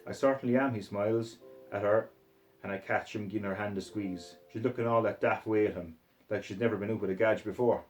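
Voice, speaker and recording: A man reading a story aloud in the first person, putting on a Scottish accent and talking in a rough, swaggering way. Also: on the low side, little pitch movement, fairly quick, soft background music. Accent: put-on Scottish accent. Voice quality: rough, profane, swaggering narration in character. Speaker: reader of a short story.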